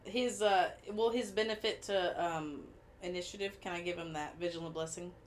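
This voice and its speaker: A woman's voice: lowish voice, moderate pace, a little hiss or hum. A woman playing in a casual tabletop game, chatty and asking about rules. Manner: chatty, asks rules questions. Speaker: player.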